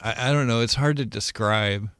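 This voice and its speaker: A man's voice: medium pitch, normal speed, fairly bright tone, clean tone, no echo. A man chatting casually while playing a game, joking and rambling. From United States. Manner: joking, rambling, frequent laughs. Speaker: gamer co-host. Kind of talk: casual chat while gaming.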